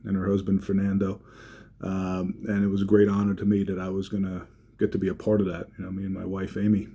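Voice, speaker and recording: A man telling a heartfelt personal story, halting, with many fillers and restarts. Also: deep voice, mellow.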